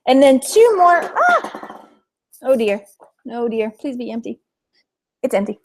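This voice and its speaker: A chatty woman from Texas hosts a casual live stream about her resale finds. She laughs easily as she talks, and her voice sits slightly high. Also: animated, moderate pace, darkish tone, a little hiss or hum. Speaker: reseller hosting a live stream.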